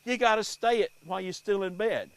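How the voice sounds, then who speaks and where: A man telling folk tales and superstitions to a live audience in an unhurried, animated way. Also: high voice, clean tone, dry recording. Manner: unhurried, animated, folksy delivery. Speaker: storyteller.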